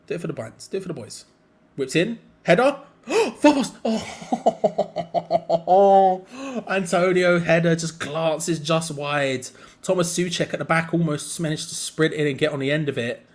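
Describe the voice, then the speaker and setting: A young man hosting a live football watch-along, mixing quick play-by-play with rambling chat and sudden excited outbursts. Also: fairly high pitch. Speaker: fan channel co-host.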